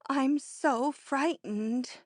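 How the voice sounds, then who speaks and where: A woman reading an audiobook, voicing a timid, frightened woman friend who speaks slowly, faintly and shakily. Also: high voice, darkish tone, dry recording, clean studio sound, voice pushed up. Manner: slow, faint, shaky.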